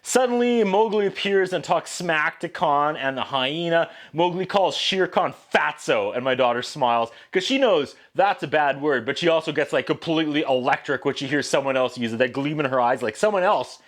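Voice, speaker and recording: A man's voice: fairly high pitch, lively intonation, moderate pace, hardly any pauses, a bit bright. A man hosting a video review show, giving sarcastic, wisecracking commentary. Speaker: VHS reviewer. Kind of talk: casual commentary.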